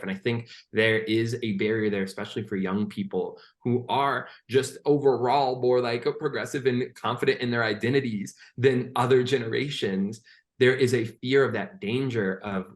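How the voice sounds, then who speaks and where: A man speaking earnestly on a conference panel about youth and art, with many fillers and restarts. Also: lowish voice. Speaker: panelist, poet and youth arts worker. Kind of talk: panel discussion.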